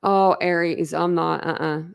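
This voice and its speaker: A woman's voice: sits low, fairly even intonation, a little slow, gravelly, smooth. A woman hosting a livestream, chatting casually and bluntly with viewers, rambling and laughing often. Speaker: livestream host. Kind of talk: casual chat with live viewers.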